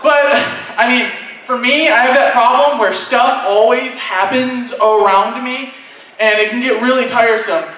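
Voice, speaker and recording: A man's voice: very high voice, measured pace. A man telling a stand-up story at a convention panel, animatedly acting out the people in it. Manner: animated, acts out voices in anecdotes. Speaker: stand-up comedian. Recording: echoey room from far off.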